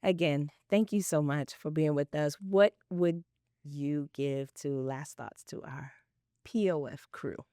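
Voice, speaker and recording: A woman hosting a faith podcast in casual interview chat, animated and often laughing, encouraging her listeners. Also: sits low, slow pace, no room sound, clean studio sound. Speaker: podcast host.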